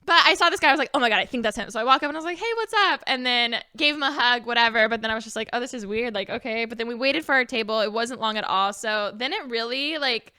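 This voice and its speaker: A woman's voice: a little high, quick pace, hardly any pauses, pushed and bright, clean tone, no echo, studio quality. A young woman in her twenties co-hosting a podcast, telling a story in bubbly casual chat full of fillers. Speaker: podcast co-host.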